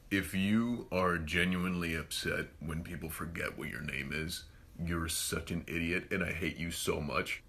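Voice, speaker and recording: A man's voice: low-pitched, fairly even intonation, measured pace, gravelly, bright, forceful tone. A young man delivering a sarcastic, exasperated comedic rant and slipping into mocking voices. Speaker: comedy vine creator.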